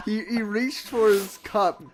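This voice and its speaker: A comedy podcast co-host reacting to a partner's story with quick teasing remarks. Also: mid-range voice, slight background noise. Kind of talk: casual banter.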